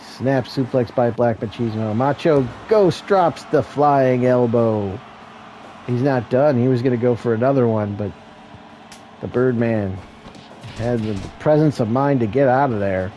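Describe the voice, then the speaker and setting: A man hosting and calling a wrestling video game match as a solo play-by-play commentator, with excitable calls and joking asides. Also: medium pitch, moderate pace, a little hiss or hum, rough recording. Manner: excitable play-by-play, rising to shouts at near-falls; self-deprecating asides.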